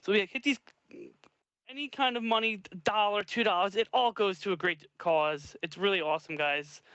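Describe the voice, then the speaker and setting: A man co-hosting a livestream, talking loudly and enthusiastically in casual chat. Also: sits high, no echo. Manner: loud, quick, enthusiastic. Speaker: stream co-host.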